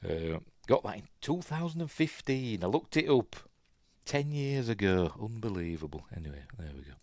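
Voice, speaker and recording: Low-voiced Yorkshire man, chatty and rambling, film commentary recorded dry and close. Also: sing-song, moderate pace, a little mellow, no room sound. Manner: rambling, chatty, with many ums and restarts; plays out the characters' lines in quotes. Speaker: film review host. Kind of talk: casual film commentary while watching.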